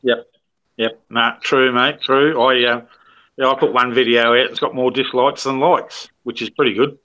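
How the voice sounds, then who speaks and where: A man's voice: medium pitch, fairly even intonation, moderate pace, pushed and bright, muffled recording. An Australian man in his sixties chatting on a live stream call, blunt and sprinkling in mate and swear words. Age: 60s. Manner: blunt, swears freely, says mate a lot. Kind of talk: casual chat.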